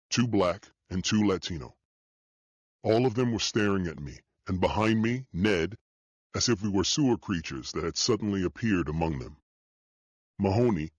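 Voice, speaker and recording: A man narrating a thriller audiobook in the first person, steady and matter-of-fact. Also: low voice, dry recording. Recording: dull dry studio audio.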